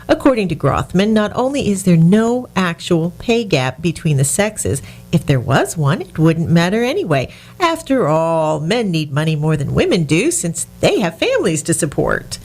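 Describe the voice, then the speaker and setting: A woman's voice: on the low side, a little mellow. A woman hosting a business radio talk show, indignant and sarcastic, with frequent restarts.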